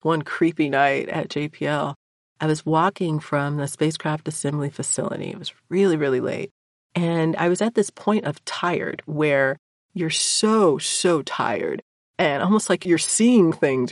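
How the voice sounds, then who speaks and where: A woman's voice: on the low side, no room sound, studio quality. A woman spacecraft engineer telling work stories in an interview, acting out her own quotes with animation. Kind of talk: interview storytelling.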